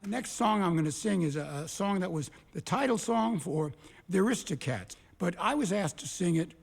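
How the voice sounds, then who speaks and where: An older songwriter in a recording studio, telling chatty stories between songs at a solo concert. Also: male voice, high-pitched, creaky, husky. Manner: chatty storyteller who breaks into song. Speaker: songwriter performing his songs.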